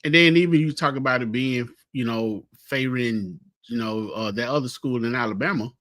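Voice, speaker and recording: Bright-voiced man chiming in, dry sound. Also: medium pitch, normal speed, no echo. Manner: short agreeing interjections and brief questions. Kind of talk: casual sports talk on a live stream.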